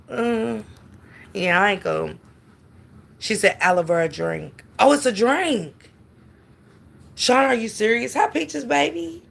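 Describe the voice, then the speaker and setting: Middle-aged woman, bright gravelly voice, casual livestream host chatting with viewers. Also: mid-range voice. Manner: chatty, greets viewers by name.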